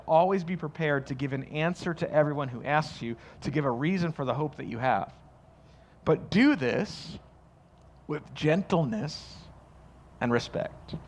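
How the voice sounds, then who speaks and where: A man's voice: a little high, slight background noise. A man preaching a sermon as pastor, conversational and joking, acting out quoted voices. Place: church.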